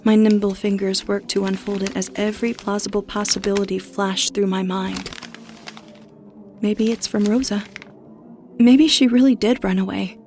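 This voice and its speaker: A woman reading a first-person horror story as narrator, steady with a tense edge. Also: mid-range voice, moderate pace.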